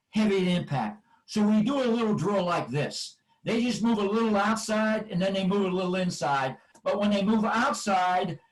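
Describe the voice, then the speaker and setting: The audio is poor and the mic distant as an older, high-pitched offensive line coach narrates drill video at a football clinic. Emphatic cue words, repeated again and again, carry his instruction.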